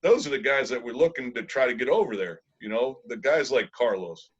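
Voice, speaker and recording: A man who works with a baseball club, explaining scouting in a relaxed, filler-heavy way. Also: mid-range voice, brisk, breathy edge. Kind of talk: casual interview talk. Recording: dull lo-fi sound.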